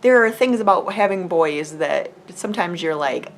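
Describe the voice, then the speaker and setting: A woman's voice: fairly low pitch, expressive, normal speed, vocal fry, a little hiss or hum. Chatty middle-aged woman vlogging. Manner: chatty and earnest, with many fillers and acted-out quotes. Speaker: homeschool mom vlogger. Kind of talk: casual talk to camera.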